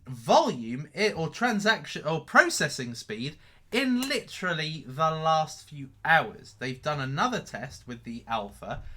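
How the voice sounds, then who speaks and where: A man's voice: fairly high pitch, pushed and bright. A man hosting a casual live stream, reading out chat questions. He rambles, repeats his own phrases and swears offhand. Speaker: crypto livestream host.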